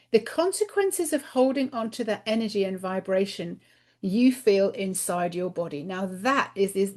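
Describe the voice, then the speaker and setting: A woman's voice: medium pitch, a little mellow. Woman, spiritual card reader; emphatic inspirational monologue, doubles up words for stress.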